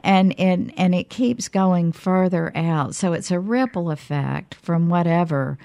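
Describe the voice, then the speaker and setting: A woman hosting a call-in radio talk show, speaking haltingly with many fillers and restarts. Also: on the low side, gravelly, mellow, no room sound.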